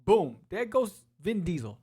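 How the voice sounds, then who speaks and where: A man hosting a podcast, walking casually through a comic book and acting out its quotes in quick voices. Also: sits high, sing-song, warm tone, breathy edge. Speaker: podcast host.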